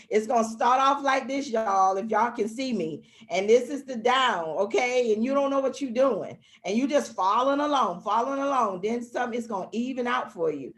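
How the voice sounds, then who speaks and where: A woman with a fairly high voice speaks as a guest in a motivational way. She talks with heartfelt emphasis and repeats herself to drive her points home. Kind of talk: motivational talk.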